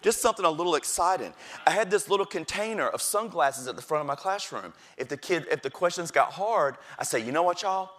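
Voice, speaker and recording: Animated man telling a teaching story. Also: on the high side, a little fast, few pauses. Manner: lively, acts out voices of kids and principal. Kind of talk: storytelling talk.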